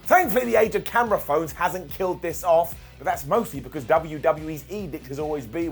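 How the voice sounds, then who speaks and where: A man's voice: on the high side, lively intonation, moderate pace, faint music behind. A man from the UK giving jokey, scripted commentary with lots of asides. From United Kingdom. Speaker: wrestling commentator.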